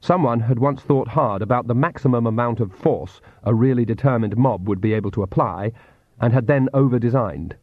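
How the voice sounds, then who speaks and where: Man, audiobook narrator, measured reading, tinny dry recording. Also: medium pitch, slightly rough, no room sound. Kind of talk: scripted narration.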